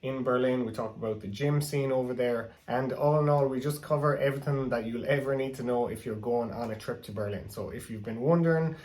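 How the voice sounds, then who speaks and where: A man's voice: medium pitch, fairly quick, hardly any pauses, darkish tone. Irish man hosting a chatty podcast. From Ireland. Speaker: podcast host. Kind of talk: casual podcast chat.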